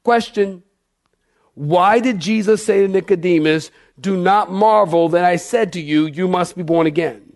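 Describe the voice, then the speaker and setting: A man's voice: sits high, measured pace. A male pastor preaching a sermon, emphatic, calling on his congregation to answer back.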